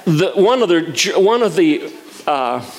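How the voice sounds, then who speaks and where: Older guy preaching, folksy and jokey, voice on the high side. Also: very animated, slow, a crowd in the background. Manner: folksy, self-mocking, chuckling. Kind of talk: sermon.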